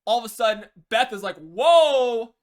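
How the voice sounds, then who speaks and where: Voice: mid-range voice, normal speed, a bit bright. A coach talking through team play in a loose, unscripted way. Sentences often restart, and "you know" fills the gaps. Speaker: game coach. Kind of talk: casual spoken lesson.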